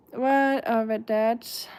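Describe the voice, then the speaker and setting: A young woman with a German accent, chatting casually on a live stream and answering viewers' comments, rambling with many fillers and restarts. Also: fairly high pitch. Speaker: live streamer reading chat.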